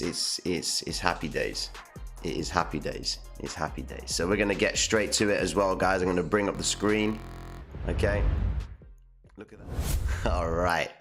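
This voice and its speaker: A man chats loosely on a live stream, hyped and full of slang, looping his own phrases. His voice sits very low, and a condenser mic picks him up close. Faint music plays behind him. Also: a bit bright. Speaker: livestream host. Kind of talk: casual live-stream chat.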